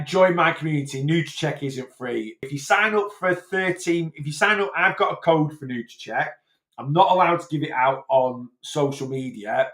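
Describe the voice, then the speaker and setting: A man's voice: on the high side, a bit bright, reverberant. A man from Blackpool with a Lancashire accent, answering viewer questions live as a weight loss coach in a chatty, rambling way full of fillers and restarts. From Blackpool, England.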